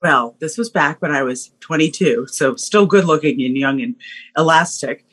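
A woman guest on a podcast, telling a personal story in an animated way, acting out voices and laughing often. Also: deep voice, normal speed, breathy edge.

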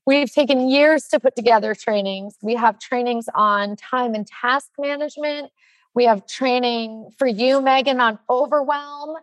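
A woman in her forties speaking as a nonprofit leader in casual podcast talk, animated and chatty with lots of fillers. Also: on the high side, measured pace, dry recording. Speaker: nonprofit leader announcing trainings.

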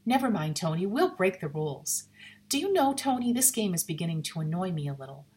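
A woman voicing a gentle, anxious lady guest in a spoken ghost story, talking softly and confidingly. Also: lowish voice, sing-song, brisk. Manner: soft, worried, confiding.

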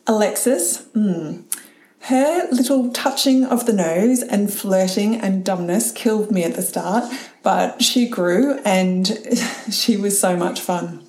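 Middle-aged woman, solo podcast host, candid and chatty, warm low-key tone, roomy echo. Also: slow. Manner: candid, chatty, laughs often and swears casually. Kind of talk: reflective solo talk.

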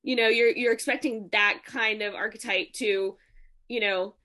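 A woman talking about a movie in relaxed casual chat, at a middle pitch. She builds her points slowly, with plenty of "um" and "you know" along the way. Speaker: movie podcast co-host.

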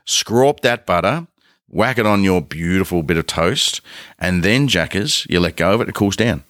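A man's voice: low voice, expressive, moderate pace, a bit bright, no room sound, studio quality. A man co-hosting a podcast, chatting casually in a jokey, rambling way and laughing often. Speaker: podcast co-host. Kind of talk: casual chat.

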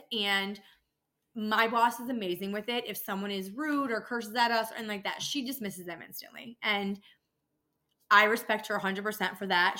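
A young adult woman who works at a dental office hosts a casual podcast, her mid-range voice pushed and bright. She rants and swears freely as she gets worked up.

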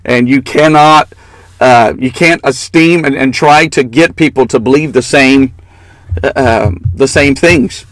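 A man's voice: medium pitch, a little slow, a bit bright, dry recording, rough recording. A man co-hosting a casual political talk show, giving opinionated and mocking commentary. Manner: opinionated, mocking, laughs often.

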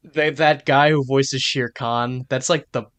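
A man's voice: mid-range voice, fairly even intonation, a little slow, a bit bright, dry recording. Rambling man, dry close sound. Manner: rambling, hesitant, many restarts and fillers. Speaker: podcast co-host. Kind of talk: casual chat.

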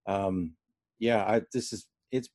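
A man working as a real estate agent, speaking earnestly and a bit haltingly in a casual chat. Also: on the low side, a little mellow, no echo, clean studio sound. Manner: earnest, hesitant, many fillers. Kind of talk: casual conversation.

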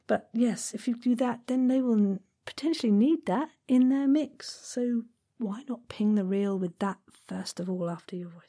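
A woman hosting an advice podcast for voice actors, chatty and encouraging, full of quick asides. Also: a little high, dark tone. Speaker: podcast host.

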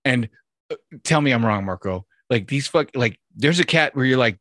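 A man's voice: medium pitch, animated, normal speed, fairly bright tone, dry recording, clean studio sound. A man hosting a podcast, rambling and swearing casually. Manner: rambling, profane, restarts a lot. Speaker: podcast host. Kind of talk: casual chat.

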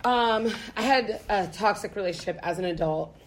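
A young woman from the United States telling a story in casual chat, profane and animated. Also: medium pitch, moderate pace, crowd noise.

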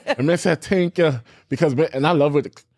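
A woman in her thirties in casual chat, playful and animated, acting out quoted lines. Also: sits low, brisk, dry recording, clean studio sound. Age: 30s.

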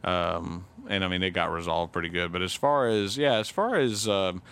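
Male podcast co-host, low and smooth voice, loose candid rambling chat. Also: moderate pace, a bit bright. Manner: rambling, self-correcting, candid. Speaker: youth T-ball head coach. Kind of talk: casual chat.

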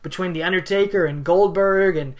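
A woman's voice: fairly low pitch, fairly quick, a little mellow. A woman hosting a podcast in casual chat, enthusiastic, wordy and playful. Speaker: podcast host.

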